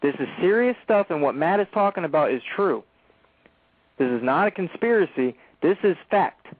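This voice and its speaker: Male radio host, emphatic, preachy, slightly high voice, thin phone-like sound. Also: animated, normal speed, no room sound. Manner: emphatic, preachy, addresses listeners directly. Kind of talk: talk radio commentary.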